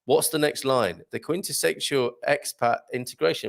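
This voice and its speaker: A man's voice: medium pitch, moderate pace, creaky. A light-hearted man hosting a live chat show, reading out viewer comments and laughing often. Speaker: host.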